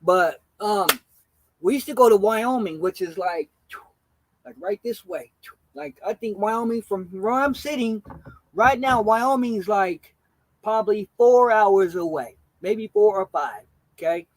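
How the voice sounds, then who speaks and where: High-voiced laid-back streamer man. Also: measured pace, dry recording, poor audio. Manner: laid-back, slangy, swears freely, greets chat. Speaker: gaming streamer. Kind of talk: casual live-stream storytelling.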